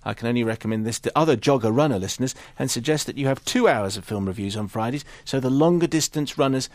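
A man presenting a radio programme, reading out listener emails in a dry, unhurried manner. The studio sound is close and dead, with no room around the voice. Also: mid-range voice, darkish tone, no room sound.

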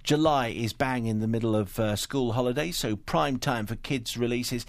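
A man hosts a radio talk show, smooth and wry as he moves things along. His voice sits at an ordinary middle pitch. The studio sound is close and dry. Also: normal speed, dry recording. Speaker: radio host. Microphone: studio microphone.

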